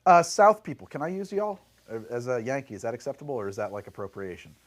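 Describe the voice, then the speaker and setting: A middle-aged man from New Jersey, USA, with a New Jersey accent, hosts a rambling, jokey live stream from his home bar and lab room, reading out chat comments. He speaks quickly at medium pitch, animated and full of jokey asides.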